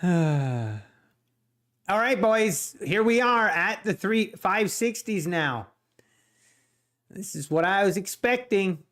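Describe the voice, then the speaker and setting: Casual male streamer, a touch high-pitched, talks to chat between trades and laughs easily. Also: expressive, takes it slowly, long pauses, a bit bright. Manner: chatty, laughs often, addresses chat directly. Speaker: day trading livestream host. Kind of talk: casual livestream chat and market commentary.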